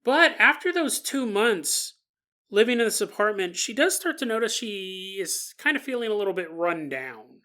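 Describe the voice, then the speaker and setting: A woman hosting a podcast narrates a paranormal story casually, chatting and joking while acting out the people in it. Her mid-range voice is expressive and a bit bright, at a moderate pace.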